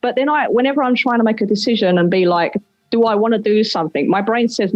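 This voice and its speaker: A woman's voice: fairly high pitch, fast talker, no echo, dull audio. A woman from East Tennessee, a podcast guest, chatting casually and laughing often at herself. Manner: self-deprecating, laughs often.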